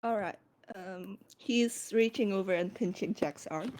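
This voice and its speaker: A woman playing a tabletop game, quickly describing her character's actions. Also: medium pitch, darkish tone. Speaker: player. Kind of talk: casual tabletop play.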